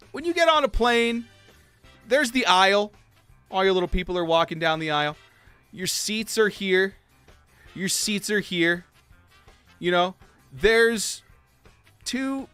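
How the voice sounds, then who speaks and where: A young man livestreaming, casually telling a story while gaming, acting out quotes in high voices. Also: sharp tone, smooth. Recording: faint game music behind.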